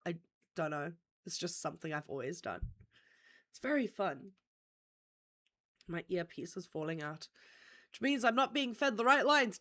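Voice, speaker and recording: A woman's voice: medium pitch, animated, normal speed, long pauses, a bit bright. A woman hosting a casual livestream, nasal and congested from a cold, giggly and blunt with swearing. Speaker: livestream host.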